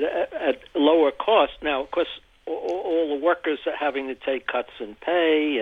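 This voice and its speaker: A man's voice: a little high, dry recording. A man being interviewed on the radio, explaining at length and often repeating words as he gathers his thoughts. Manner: halting, repeats words while thinking. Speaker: interview guest, energy commentator. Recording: tinny phone line.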